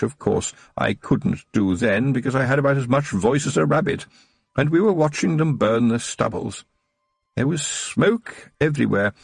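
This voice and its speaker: A man's voice: mid-range voice, vocal fry, husky, no room sound, pitched above the performer's own voice, full character voice. A man voicing a frail elderly baron in an audiobook, speaking in a trembling, wistful old man's voice. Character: frail elderly male baron, tearful and joyful.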